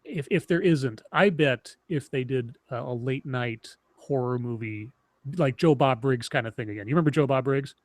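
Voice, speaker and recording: A man in his thirties chatting casually on a stream, telling rambling, animated stories with many restarts. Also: medium pitch, moderate pace, no echo. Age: 30s. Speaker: streamer co-host. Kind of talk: casual chat.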